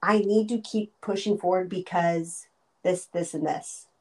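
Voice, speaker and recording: A woman's voice: on the low side, fairly even intonation, measured pace, darkish tone. A woman hosting an interview, effusive and affirming as she sums up and praises her guest. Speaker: interviewer, host.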